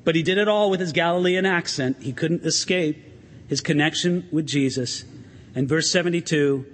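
A pastor preaching an animated sermon in a church, asking the congregation questions and swinging his emphasis up and down. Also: a little high, normal speed, long reverb tail.

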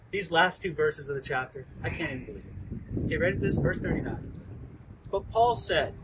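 A man teaching the Bible outdoors as a pastor, lively and acting out quoted lines. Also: very high-pitched, far from the mic, slight background noise, poor audio. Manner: animated, acts out quoted lines. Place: outdoors within view of a landmark hill.

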